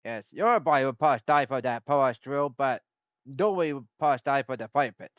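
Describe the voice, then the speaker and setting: A man's voice: mid-range voice, lively intonation, brisk, no echo, clean studio sound. A man streaming a game live, rambling and thinking aloud as he plays. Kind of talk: live gameplay commentary.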